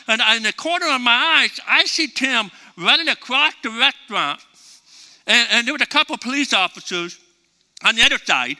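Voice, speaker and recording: A man preaching a sermon and telling a story in a folksy, animated way. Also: very high-pitched, brisk. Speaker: pastor. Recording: reverberant hall.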